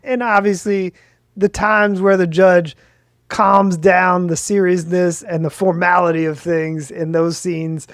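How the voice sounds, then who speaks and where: High-voiced, rambling podcast co-host man. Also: unhurried, dry recording, studio quality. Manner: animated, rambling, lots of "like". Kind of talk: casual chat.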